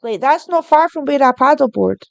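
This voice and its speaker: A woman's voice: high voice, lively intonation, normal speed, vocal fry, dry recording, highs cut off. A woman co-hosting a live stream, chatting casually and telling a story with easy laughter. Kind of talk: casual chat.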